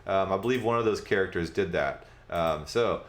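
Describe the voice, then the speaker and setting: A man's voice: low voice, normal speed, fairly bright tone, reverberant. A man hosting a casual livestream, explaining a technical topic in a rambling way with many fillers and side jokes. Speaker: podcast host.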